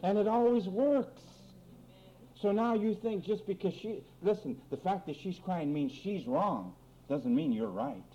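A man preaching a lively sermon on marriage quarrels, acting out both spouses in mock voices and reading scripture. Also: high-pitched, measured pace. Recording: dull lo-fi recording with faint room noise.

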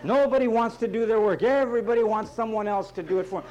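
A man's voice: high-pitched, quick pace, hardly any pauses, darkish tone, dull audio. A man preaching as pastor, emphatic and repetitive, with folksy asides and jokes. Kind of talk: sermon.

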